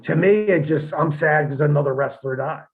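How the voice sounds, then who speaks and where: A former wrestler on a podcast, talking in a blunt, profane, rambling way with many restarts. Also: male voice, a little high, moderate pace. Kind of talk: casual podcast chat. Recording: tinny phone-like line.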